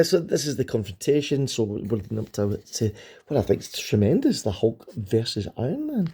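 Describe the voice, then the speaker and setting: A man's voice: mid-range voice, big pitch swings, a little fast, dark tone, slightly rough. A middle-aged man reviewing an old comic book in a casual vlog, rambling and enthusiastic, with lots of ums and restarts.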